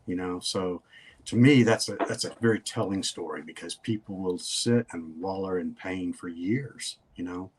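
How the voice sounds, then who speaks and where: A man's voice: low-pitched, normal speed, a little hiss or hum. An older man, a guest in a casual interview, telling stories in a folksy, rambling way.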